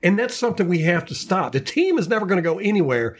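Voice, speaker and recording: A man's voice: sits high, big pitch swings, quick pace, slightly rough. A man hosting a casual sports podcast, ranting with lots of repeated words and restarts. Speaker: podcast host.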